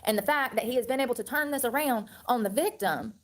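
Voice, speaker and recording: A woman's voice: on the high side, fast talker. A woman in her thirties ranting to camera in a heated, profane, repetitive way. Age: 30s. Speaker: online personality.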